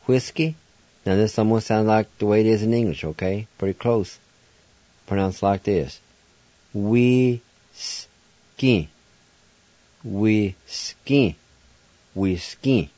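A man's voice: on the low side, mellow, dry recording, highs cut off. A man hosting a radio language lesson who patiently spells out each word letter by letter and then pronounces it.

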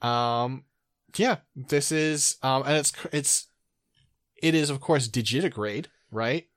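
A man's voice: medium pitch, slow, a bit bright, dry recording. A man co-hosting a podcast in casual chat, dry and sardonic, often reading entries aloud. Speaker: podcast co-host.

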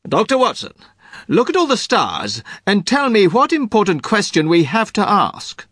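A man's voice: high voice, huge pitch swings, normal speed, fairly bright tone, slightly rough, no room sound, studio quality, heavily acted. A man voicing an impatient detective in a told joke, talking down to his companion. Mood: superior.

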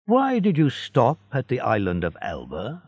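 A man's voice: mid-range voice, wildly swooping pitch, measured pace, darkish tone, no room sound, studio quality, full character voice. A man voicing a kindly, fatherly ship owner in a storybook reading. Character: older male ship owner, kindly and warm.

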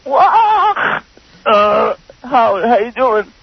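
A man calling in to a radio show in a strained, raspy comic voice, singing a crude joke song. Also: very high-pitched, big pitch swings, extremely slow, heavily acted. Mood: manic. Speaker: caller doing a comedy bit. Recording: lo-fi radio phone call.

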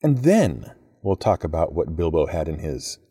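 A man hosting a podcast, reading a script with expressive, playful storytelling. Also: extremely low pitch, normal speed, husky, dry recording. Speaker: podcast host.

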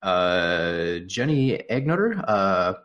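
A man's voice: deep voice, sing-song, slow, lo-fi sound, background noise. A man co-hosting a casual movie commentary podcast, reading out trivia notes and laughing often. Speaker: podcast co-host.

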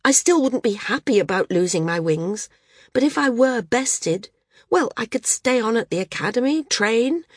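A woman's voice: high-pitched, breathy edge, no echo, clean studio sound, voice pushed up. A woman voicing a passionate flyer woman. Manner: impassioned, pleading. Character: woman, passionate seasoned flyer arguing her case.

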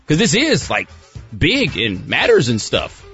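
A man giving a pop culture commentary on sports radio, ranting and asking rhetorical questions. His pitch is mid-range. Faint music plays under a dull, lo-fi feed. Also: measured pace, breathy edge. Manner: animated rant with rhetorical questions. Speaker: radio show contributor.

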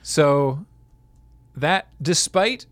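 Dry-voiced man recapping wrestling, animated. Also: on the high side, extremely slow, no echo. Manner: animated storyteller acting out quotes. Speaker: podcast co-host. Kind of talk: casual chat recapping wrestling.

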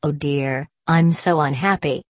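A woman doing a humble young girl, soft and downcast, low voice, dry. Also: unhurried, no echo.

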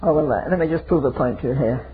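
A man's voice: a little high, fast talker, slight background noise. An older man preaching a fiery, emphatic sermon full of rhetorical questions. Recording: tinny phone-like sermon recording.

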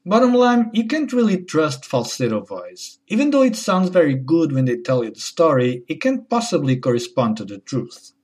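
A man delivering a wry, deadpan comedy monologue as host. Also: fairly high pitch, normal speed, hardly any pauses. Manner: deadpan, wry, switching into mocking voices.

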